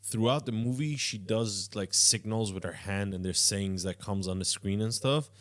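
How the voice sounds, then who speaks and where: Quick-talking young man, lower voice. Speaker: podcast host. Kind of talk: casual chat.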